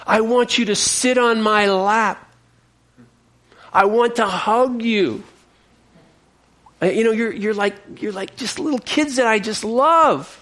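A man's voice: high-pitched, takes it slowly, pauses often, fairly bright tone. A male preacher speaking as a loving, frustrated fatherly God, tender and pleading.

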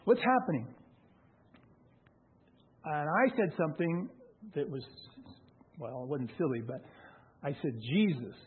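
A man telling a personal testimony story in a conversational way, with halting restarts. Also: a little high, lively intonation, a little hiss or hum. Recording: tinny phone-like sound.

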